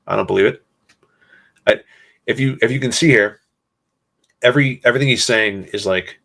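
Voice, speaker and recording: A man hosting a solo podcast, talking in a somber, sarcastic way with many pauses. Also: mid-range voice, creaky, a bit bright. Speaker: podcast host.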